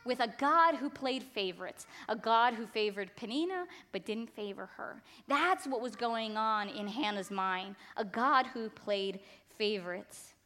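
A woman's voice: fairly high pitch, lively intonation, measured pace, few pauses, pushed and bright. A woman preacher giving a passionate sermon, emphatic and fond of repetition.

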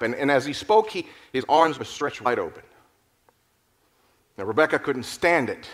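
A man narrating a moral story in an expressive, dramatic storytelling manner. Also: mid-range voice, normal speed. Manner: expressive, lively storytelling with restarts.

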